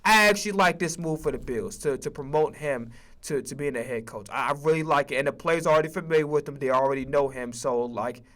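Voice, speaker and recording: A man's voice: medium pitch, fast, a bit bright. A man streaming a casual sports rant, emphatic and profane, often stammering on restarts.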